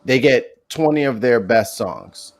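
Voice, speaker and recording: A man chats on a live stream in a slangy, laid-back way, spinning stories. His voice sits at a middling pitch. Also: animated, measured pace. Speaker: co-host. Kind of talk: casual live-stream chat.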